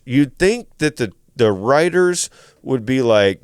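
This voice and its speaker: A man hosting a podcast, recapping a movie in animated, casual chat with swearing. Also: medium pitch, measured pace, clean tone, no room sound, studio quality. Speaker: podcast host.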